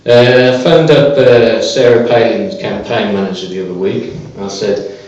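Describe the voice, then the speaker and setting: Deadpan male comic in an echoey club. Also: on the low side, moderate pace, a little hiss or hum. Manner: deadpan one-liners with hesitant fillers. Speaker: stand-up comedian. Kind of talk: stand-up comedy set. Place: small comedy club stage with a live audience. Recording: echoey, distant, dull live club recording.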